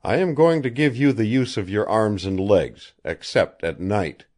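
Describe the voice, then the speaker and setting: A man's voice: lowish voice, measured pace, darkish tone, voice pushed up, close to an everyday voice. A man reading aloud and voicing a bold, reckless young engineer who talks decisively and mockingly. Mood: threatening.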